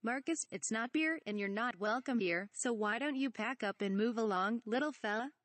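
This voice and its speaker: A woman's voice: fairly high pitch, moderate pace, a bit bright, no echo, natural voice. Woman reading as an exasperated young pilot. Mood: annoyed. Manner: exasperated, snappish. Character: irritable young male pilot.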